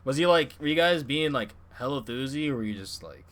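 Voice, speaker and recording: A man's voice: mid-range voice, lively intonation, a little fast, a bit bright. A man co-hosting a casual podcast, his voice swinging up and down as he talks. He is blunt, swears freely and laughs at his own jokes. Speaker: podcast co-host.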